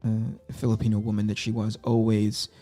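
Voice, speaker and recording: A man's voice: lowish voice, completely flat delivery, fast, mellow. A middle-aged man hosting a casual livestream, telling rambling, self-deprecating stories about his career. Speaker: livestream host. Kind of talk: casual livestream chat while drawing.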